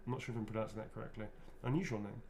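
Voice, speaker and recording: A man's voice: fairly low pitch, fairly even intonation, racing, vocal fry, darkish tone. A man, a voice actor, chatting loosely while signing autographs and answering fan questions, often restarting his sentences. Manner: rambling, self-correcting, chatty.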